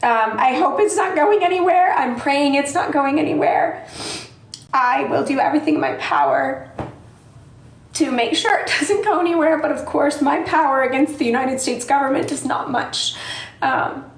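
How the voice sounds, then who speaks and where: A woman creator who is crying, speaking haltingly with many pauses and apologizing. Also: high-pitched. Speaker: content creator. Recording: roomy echo.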